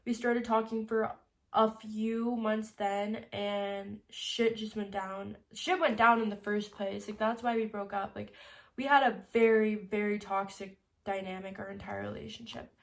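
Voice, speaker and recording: A young woman in her early twenties talks through a personal story in a casual confessional vlog. She is emotional and close to tears, laughs through it, and her sentences trail off softly between many "like" fillers. Her voice sits at a middle pitch. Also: flat delivery, measured pace, creaky. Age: 20s. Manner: frequent "like" fillers, trailing soft endings. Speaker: vlogger.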